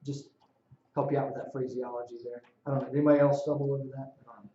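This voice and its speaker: A man preaching a sermon, reading scripture aloud and explaining it in a relaxed, conversational way with dry humor. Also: medium pitch, racing. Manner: conversational, reads scripture aloud and adds sarcastic paraphrase. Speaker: pastor. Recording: echoey room, dull lo-fi sound.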